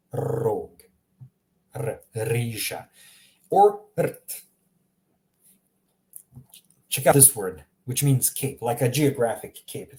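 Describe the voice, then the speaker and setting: A man giving a casual live language lesson, chatty and relaxed, reacting to viewers' examples and laughing now and then. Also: medium pitch. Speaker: language teacher.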